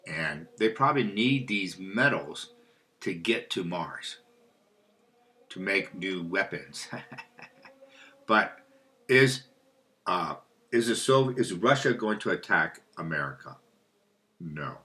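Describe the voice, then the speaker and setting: A man with a very low, bright-edged voice rambles through a solo monologue. He loses his thread and picks it back up, putting questions aloud and answering them himself. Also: expressive, takes it slowly, long pauses. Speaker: spiritual video host.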